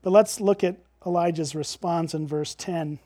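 A man with a high, light voice walks his listeners through a Bible passage in a relaxed teaching tone. He keeps raising rhetorical questions and checking in with them. The sound is close and dry, with no room echo. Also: moderate pace.

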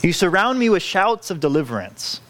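A man's voice: sits high, big pitch swings, moderate pace, a bit bright. A man preaching a sermon, earnest and pleading, often restarting his phrases as he works through a scripture passage. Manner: earnest, pleading, self-correcting with frequent restarts. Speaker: pastor.

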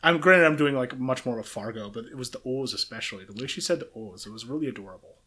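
A man from Minnesota co-hosting a film podcast, talking in an animated, rambling way with restarts. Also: medium pitch, fast, breathy edge. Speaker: podcast co-host. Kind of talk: casual film discussion.

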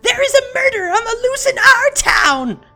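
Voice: very high voice, very animated, moderate pace, creaky, pushed and bright, soft background music, voice pushed up, full character voice. A narrator voicing a hysterical innkeeper's wife who shrieks and wails in tearful panic. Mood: commanding. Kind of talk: audiobook narration.

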